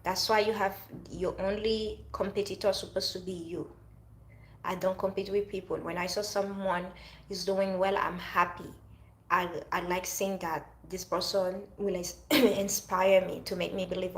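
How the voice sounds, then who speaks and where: A woman's voice: medium pitch, little pitch movement, normal speed, roomy sound, rough recording. A woman with a French accent speaking earnestly in a casual motivational monologue, often restarting her phrases. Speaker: vlogger.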